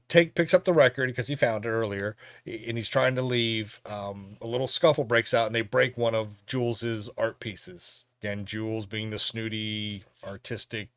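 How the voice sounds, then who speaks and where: Animated man recapping a film. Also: mid-range voice, no echo. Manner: animated, laughing storyteller. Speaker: podcast host reviewing a film. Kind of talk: casual plot recap.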